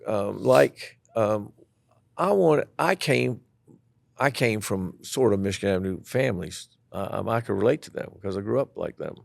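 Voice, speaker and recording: An older man speaks in a low, rough, gravelly voice, recorded close and dry. He tells his stories with energy and acts out the people in them. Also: animated, normal speed, no room sound. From southeastern Tennessee. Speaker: guest, former elementary school principal. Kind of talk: storytelling interview.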